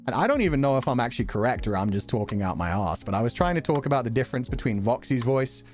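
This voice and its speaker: A young man chatting casually on a stream, talking fast and laughing often. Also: mid-range voice, faint music behind. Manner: animated, quick talker who laughs often. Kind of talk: casual chat.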